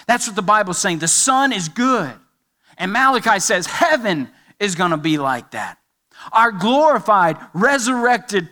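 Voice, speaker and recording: Male pastor, sermon, emphatic, repeated phrases, high voice, bright tone.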